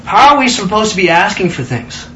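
A man leading a Bible study, excitable and emphatic, prompting his listeners to answer and repeat after him. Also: high-pitched, brisk, reverberant, slight background noise, rough recording. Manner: excitable, emphatic, calls for responses.

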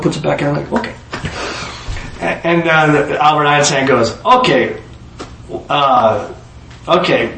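A man preaching a sermon, telling stories and jokes, rising loud to drive points home, then dropping low. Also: slight background noise. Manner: lively storyteller, rises loud to preach then drops low. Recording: echoey room heard from a distance.

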